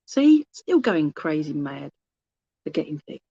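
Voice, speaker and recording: A woman's voice: low voice, sing-song, unhurried, warm tone, husky, muffled recording. A woman working as a medium in an online service, chatty and rambling, often losing her thread and restarting, with affectionate asides to her listeners. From England. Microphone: phone held in hand.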